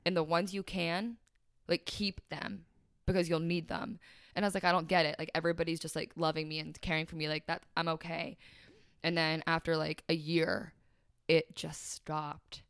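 A woman's voice: low-pitched, level tone, moderate pace, clear, resonant tone, dry recording, clean studio sound. A young woman talking candidly and emotionally about her life as a podcast guest, with lots of "like" fillers and quoting others. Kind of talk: candid personal conversation.

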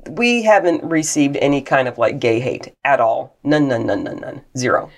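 A woman's voice: extremely low pitch, lively intonation, normal speed, gravelly, darkish tone. A woman co-hosting a podcast in casual chat, telling stories with animation, laughter and swearing. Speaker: podcast co-host. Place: closet in a cottage. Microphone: portable mic.

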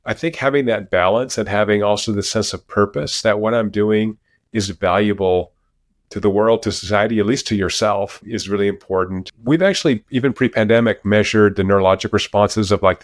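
A man as an interview guest, talking over a video call, lively and animated as he tells stories from his research. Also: fairly low pitch, a little fast, no echo, clean studio sound. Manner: animated storyteller, lively when telling anecdotes. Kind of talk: interview conversation. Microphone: remote video call.

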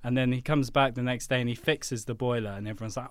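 A man's voice: mid-range voice, brisk, hardly any pauses, fairly bright tone, no room sound, studio quality. A man co-hosting a podcast in casual chat, telling a story playfully and laughing often. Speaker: podcast co-host.

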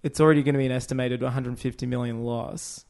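A man's voice: medium pitch, fairly even intonation, fast, darkish tone. A man, ranting and swearing in a casual film review chat.

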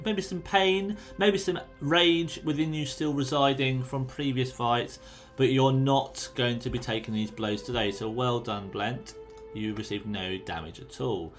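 A man, narrating a tabletop game as game master in an unhurried, descriptive and encouraging way. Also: mid-range voice, fairly bright tone.

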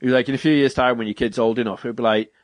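A man's voice: mid-range voice, steady tone, very fast, no room sound. Rambling British man telling stories. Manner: rambling storyteller, acts out quotes, laughs often. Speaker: podcast co-host. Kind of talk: casual chat.

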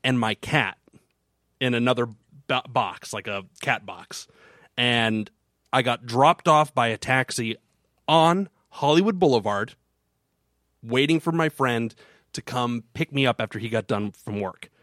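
A man's voice: medium pitch, a little slow, fairly bright tone, no echo, studio quality. A man hosting a casual podcast chat, telling a rambling story with many restarts. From Florida. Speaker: podcast co-host.

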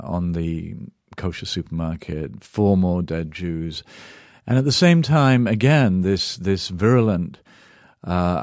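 A man's voice: low voice, a little mellow, no echo, studio quality. A middle-aged Englishman, an author and journalist answering interview questions in a thoughtful way, searching for words and turning emphatic when moved. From England.

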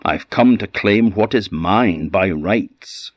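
A man's voice: deep voice, slow, no room sound, clean studio sound. A man playing a sly, cruel little trickster. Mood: demanding. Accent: Orkney Scots.

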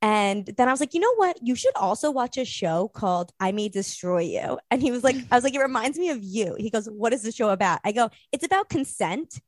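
A woman's voice: on the high side, expressive, quick pace, hardly any pauses, dry recording, studio quality. Chatty young woman telling a rambling story. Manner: rambling storyteller, acts out quotes. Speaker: podcast guest. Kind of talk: casual chat.

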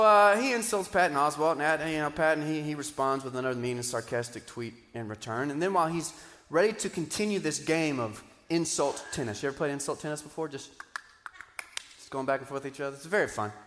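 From the stage of a church auditorium, a pastor with a mid-range voice delivers a sermon that rings with long hall reverb. He is animated, constantly shifting from loud, emphatic bursts to quiet asides.

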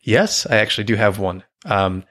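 A man with a somewhat low voice co-hosts a podcast in an easy, chatty way. He talks with enthusiasm and laughs often as he goes. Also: expressive, moderate pace, fairly bright tone. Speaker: podcast co-host. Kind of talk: casual chat about a cartoon.

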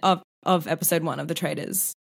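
A woman hosting a podcast in casual chat, animated and sweary, laughing often. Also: low-pitched, brisk, gravelly, husky. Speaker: podcast host. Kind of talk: casual chat recapping a TV show.

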